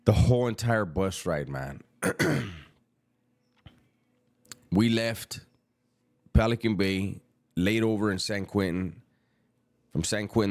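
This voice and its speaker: A middle-aged man, telling a story about prison in casual street slang, unhurried and reflective. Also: sits low, a little mellow.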